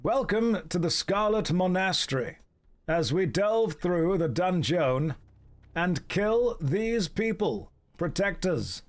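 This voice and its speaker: A streamer with a high-pitched, animated voice talks slowly while playing a game. He chats casually, cracks dry jokes, and answers his chat along the way.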